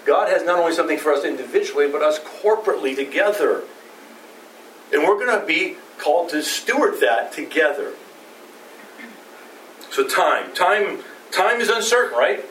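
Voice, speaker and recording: A middle-aged male pastor delivers a sermon in a loose, conversational way and keeps asking rhetorical questions. His voice sits a little higher than most men's. He sounds set back from the mic in a roomy sanctuary with faint background noise. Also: lively intonation, normal speed, pauses often, fairly bright tone, distant mic.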